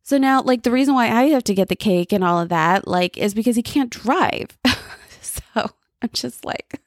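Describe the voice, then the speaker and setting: A woman hosting a podcast alone, talking in a candid, reflective and halting way while she feels worn out and frayed. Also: fairly high pitch, no room sound, studio quality. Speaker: podcast host. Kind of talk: casual personal monologue.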